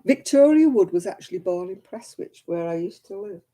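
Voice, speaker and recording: A woman's voice: medium pitch, animated, brisk, dark tone. A woman from Oldham in England with a Lancashire accent, chatting casually while crafting on a live stream and answering viewer comments. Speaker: crochet vlogger.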